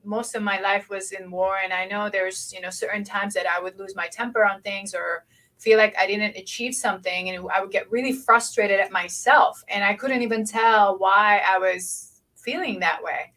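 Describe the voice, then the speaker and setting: A woman's voice: mid-range voice, fairly even intonation, moderate pace, a bit bright, rough recording. A woman from Lebanon hosting a podcast interview, sharing a personal story in a chatty way with many fillers. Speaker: podcast host. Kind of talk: conversational interview.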